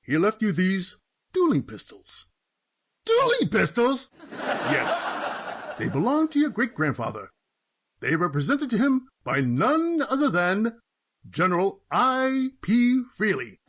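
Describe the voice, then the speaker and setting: A man's voice: high-pitched, sing-song, measured pace, fairly bright tone, heavily acted. A man voicing a stuffy, pompous male lawyer who reads a will in a formal, mock-polite way. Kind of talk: cartoon voice acting.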